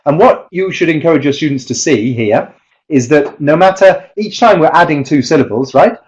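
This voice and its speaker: A man's voice: fairly high pitch, expressive, normal speed, a little mellow, highs cut off. A man giving an online webinar presentation on teaching pronunciation, explaining step by step and chanting rhythm drills.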